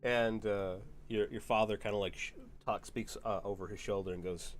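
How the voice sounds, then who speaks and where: A man's voice: lowish voice, steady tone, moderate pace, few pauses, faint music behind. Rambling male game master. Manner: rambling, full of fillers and laughs. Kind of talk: narrating a tabletop game.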